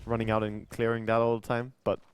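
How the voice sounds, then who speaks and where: A man's voice: fairly low pitch, monotone, fast talker, soft background music. Laid-back joking male esports co-caster. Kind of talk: live game commentary.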